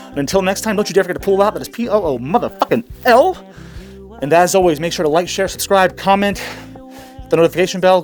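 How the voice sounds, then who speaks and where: A man hosting a comedic commentary channel, ranting crudely with stammers and sarcastic jokes. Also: sits high. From Middle East.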